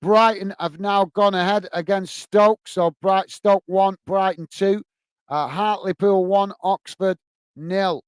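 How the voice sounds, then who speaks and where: A man hosts a casual live stream and reads viewers' messages aloud, thanking each one by name. His voice sits high and sounds smooth and clear, with a dry, close sound. He calls everyone mate and fills his pauses with uhs. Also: steady tone, no echo. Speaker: host reading live chat.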